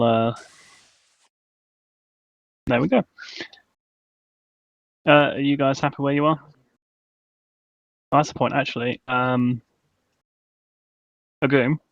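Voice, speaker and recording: Casual gravelly man, mid pitch, relaxed and halting; dull lo-fi chat mic. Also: no echo. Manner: easygoing, hesitant with frequent uh. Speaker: ship commander in online roleplay.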